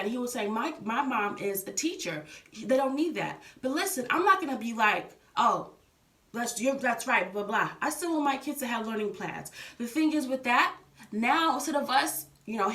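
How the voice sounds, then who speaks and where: A young woman talks earnestly to her viewers about love, circling back to the same points and calling the listener "baby." Her voice sits a little high. She sounds set back from the mic in an echoey room. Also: fairly bright tone, far from the mic. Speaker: vlogger giving relationship advice. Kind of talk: casual heartfelt advice talk.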